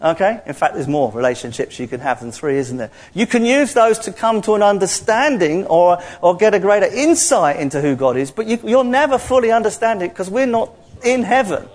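A man preaching a sermon in an animated, playful way, acting out little dialogues as he teaches. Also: high-pitched, fairly quick.

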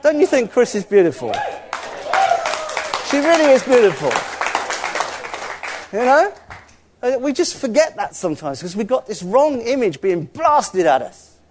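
A man's voice: very high voice, sing-song, a little slow, pauses often, darkish tone, a faint crowd. A man preaching a sermon in an earnest, conversational way, with asides to the congregation.

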